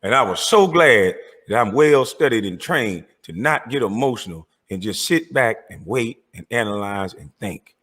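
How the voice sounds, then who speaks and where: A man's voice: on the low side, lively intonation, normal speed, a bit bright. A man delivering a heated, profane rant, confronting and calling out rivals by name. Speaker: online commentator.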